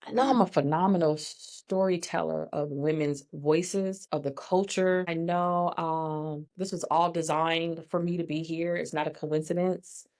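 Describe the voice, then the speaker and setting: A middle-aged woman, a guest in a casual interview, telling her story in a lively way and acting out what people said. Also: low-pitched, unhurried, hardly any pauses. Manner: animated storyteller, acts out quoted dialogue.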